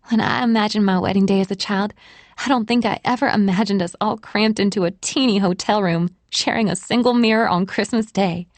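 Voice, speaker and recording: Audiobook role: female narrator as a wistful young bride, mid-pitched, plain. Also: a little fast, dry recording, close to an everyday voice. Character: wistful young bride on her wedding morning. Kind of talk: audiobook character voice.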